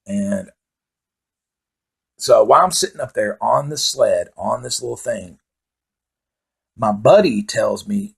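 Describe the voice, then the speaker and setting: A man's voice: lowish voice, gravelly, husky. A man telling profane, rambling comic stories in a casual monologue. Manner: profane, rambling, laid-back storytelling with laughs.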